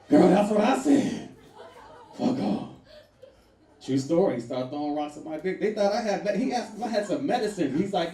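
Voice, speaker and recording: A man works a comedy room with a loud, animated stand-up delivery, laughing through his punchlines. His voice sits a little high and sounds warm and mellow. It is picked up from a distance in an echoey space with a faint hum behind. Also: fairly quick. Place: comedy venue with a live audience.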